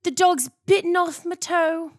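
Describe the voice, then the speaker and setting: A woman's voice: high-pitched, moderate pace, a little mellow, no room sound, clean studio sound. A woman playing an overwrought young colonial girl who accuses a dog, in a put-on folksy accent.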